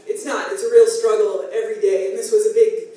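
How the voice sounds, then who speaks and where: A middle-aged woman performing a self-deprecating stand-up comedy set, chatty with animated asides. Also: mid-range voice, brisk. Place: comedy club stage, live audience. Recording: echoey room, distant, faint ambience.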